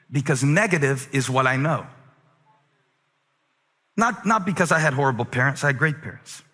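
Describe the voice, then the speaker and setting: A man preaching a sermon as a pastor, moving from quiet, conversational stretches to shouted, near-sung climaxes. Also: on the high side, husky. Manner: preaching with swings from quiet talk to shouted crescendos. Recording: long reverb of a large hall.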